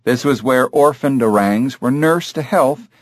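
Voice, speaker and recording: A man narrating a novel in a measured storytelling voice. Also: mid-range voice, no echo, clean studio sound. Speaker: audiobook narrator. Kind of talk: scripted narration.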